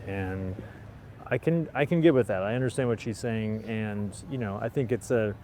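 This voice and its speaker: A man co-hosting a podcast outdoors in the cold, talking in a reflective, halting way. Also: lowish voice, mellow, a little hiss or hum. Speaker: podcast co-host. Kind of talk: casual outdoor chat. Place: outdoors on a city street in winter.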